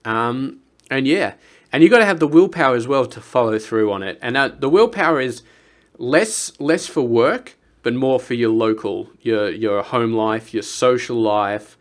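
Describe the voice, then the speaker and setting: A man's voice: mid-range voice, moderate pace. Rambling, earnest young man. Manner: rambling, earnest, with frequent restarts and quiet asides. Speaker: vlogger. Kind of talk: casual personal vlog talk.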